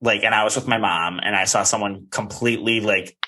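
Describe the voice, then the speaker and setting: Rambling low-voiced man chatting. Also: fairly even intonation, brisk, bright, forceful tone, a little hiss or hum. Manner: rambling, heavy on "like" fillers, acts out quotes. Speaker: podcast co-host. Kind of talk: casual reality-TV recap chat.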